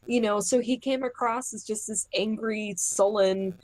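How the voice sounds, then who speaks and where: A woman's voice: medium pitch, steady tone, unhurried, a little mellow, no echo, rough recording. Thoughtful woman co-host, dry sound. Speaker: podcast co-host. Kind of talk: casual chat.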